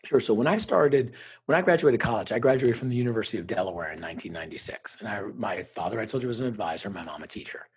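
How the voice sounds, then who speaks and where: A middle-aged man speaking as an interview guest, earnest and reflective, telling personal stories and lively when quoting others. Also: fairly low pitch, fast talker, hardly any pauses, husky. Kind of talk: conversational interview storytelling.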